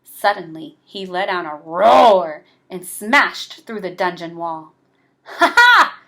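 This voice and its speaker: A woman reading a children's picture book aloud, slow and expressive. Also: fairly low pitch, creaky. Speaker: storybook reader.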